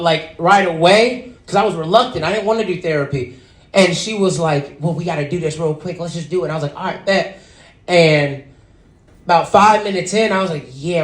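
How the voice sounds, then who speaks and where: A man performing a stand-up comedy set, telling a story and acting out the people in it. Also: high voice. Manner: animated storytelling, acts out characters. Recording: echoey venue with audience laughter. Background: audience laughter.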